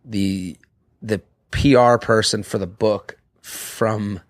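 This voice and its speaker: A man's voice: fairly low pitch, fairly even intonation, slow pace, no echo, studio quality. Rambling, swearing man. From Boston. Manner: rambling, swearing, laughs at himself. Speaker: comedian guest. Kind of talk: casual podcast chat.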